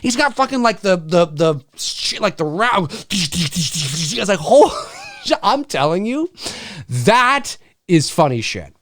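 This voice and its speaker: A man chats on a live stream with a very animated, swooping delivery. He rambles, swears freely and laughs a lot, and the sound is close and dry with no room around it. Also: sits high, slow, no room sound. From Canada. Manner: rambling, profane, laughs often, acts out scenes with shouted voices. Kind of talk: casual live stream chat.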